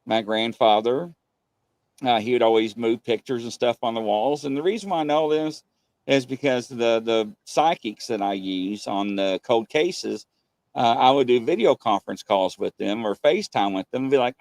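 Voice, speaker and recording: A man hosting a paranormal show, telling a story in a casual, animated way, his voice jumping high when excited. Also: moderate pace, dry recording. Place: studio.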